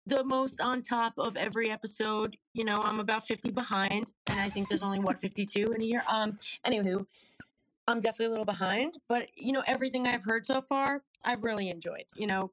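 A woman leaves a loose, chatty message, wandering between thoughts with plenty of fillers. Her voice sits at an ordinary middle pitch and sounds dry, close and unadorned. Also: fairly bright tone, dry recording. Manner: chatty, rambling, many fillers. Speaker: listener sending in a voice message. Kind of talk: casual recorded message.

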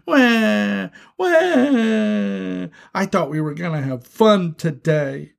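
A man voicing a tiny, excitable male skunk, the little brother, with a childlike high voice that breaks into wailing, in a storybook reading. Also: very slow, husky, heavily acted.

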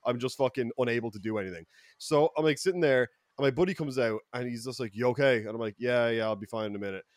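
Irish guy on a podcast rattling off stories quick, swears a lot, gets loud all of a sudden, dry room. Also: medium pitch, dry recording. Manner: animated, profane storyteller with sudden loud bursts. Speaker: podcast co-host. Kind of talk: casual podcast storytelling.

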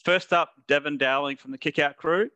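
A man co-hosts a casual podcast chat and reads out listener questions with dry teasing humor. His voice is bright and forward, and the recording is dry. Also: on the high side, fairly even intonation, normal speed, no echo, highs cut off. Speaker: podcast co-host.

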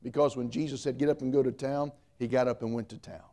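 A man's voice: mid-range voice, steady tone, fast talker, dark tone. A middle-aged man preaching a sermon as pastor, emphatic, repeating key points and mixing in humor.

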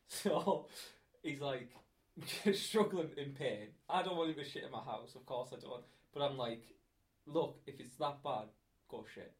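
A man telling crude, laughing anecdotes in a casual chat. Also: mid-range voice.

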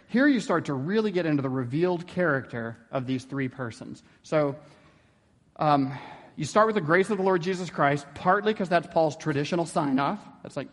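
A man with a fairly high voice teaches in a measured, explanatory way, filling pauses with "um" and checking in with his listeners. His words trail off into a long hall reverb. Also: lively intonation. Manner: thoughtful, frequent ums, checks in with "right?". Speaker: theology lecturer. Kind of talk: explanatory lecture.

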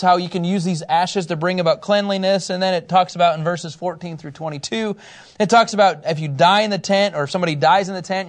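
High-voiced man teaching a Bible lesson. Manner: conversational, animated, laughs often. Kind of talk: lesson to a small group.

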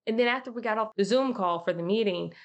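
A woman with a quick-paced, mid-range voice hosts her own podcast in a casual solo monologue, recorded with dull audio. She's slangy and chatty, addressing listeners as y'all.

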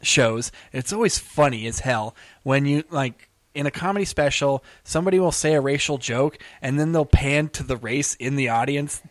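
A man's voice: mid-range voice, moderate pace, hardly any pauses, no echo. A man in a casual chat, talking hesitantly, trailing off and laughing often.

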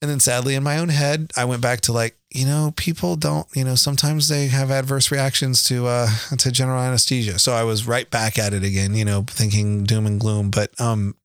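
On a casual podcast, a middle-aged father and co-host rambles through family stories, restarting often and laughing easily. His mid-range voice holds a steady tone, moving fairly quickly with hardly any pauses. The sound is smooth, with no echo.

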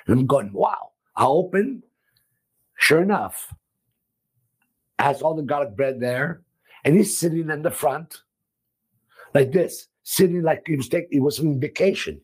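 A man from Italy, a restaurant owner, talking emphatically and loudly, repeating himself in an animated interview. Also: fairly high pitch, measured pace, pauses often, slightly rough. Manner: emphatic, repetitive, loud and expressive.

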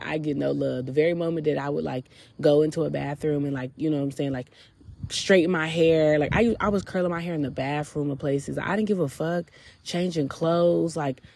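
A woman's voice: sits low, creaky, a little mellow, slight background noise. A woman hosting a podcast, candidly and reflectively telling her personal faith testimony. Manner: candid and reflective, with drawn-out pauses. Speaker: podcast host.

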